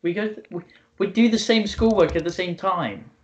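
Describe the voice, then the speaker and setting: A man's voice: high-pitched, normal speed. A young man co-hosting a casual podcast, teasing and bluntly correcting facts. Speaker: podcast co-host. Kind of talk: casual chat. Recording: slightly dull lo-fi sound.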